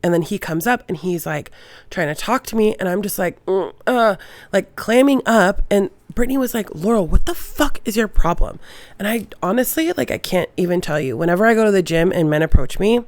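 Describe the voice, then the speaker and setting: A woman's voice: medium pitch, fairly quick, dry recording. Young female host, casual and profane storyteller; dry, close sound. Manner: swears freely, animated retelling with quoted voices. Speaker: podcast host.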